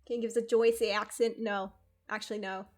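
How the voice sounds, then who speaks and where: A woman's voice: medium pitch, level tone, fast, faint music behind. A young woman streaming from home, chatting casually, laughing often and swearing freely. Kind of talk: casual chat.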